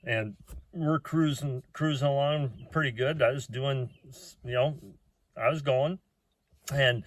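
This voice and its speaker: A man's voice: medium pitch, slow, no room sound. A middle-aged man telling a personal story in a rambling, folksy way, with plain talk and lots of "uh" fillers.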